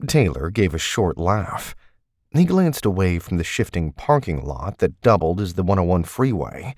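Deep-voiced male audiobook narrator. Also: big pitch swings, moderate pace, darkish tone, no echo, studio quality. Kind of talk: scripted novel narration.

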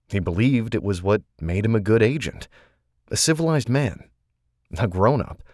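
Man, audiobook narrator, measured delivery, very low voice, dry close recording. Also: darkish tone, no echo. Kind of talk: scripted narration.

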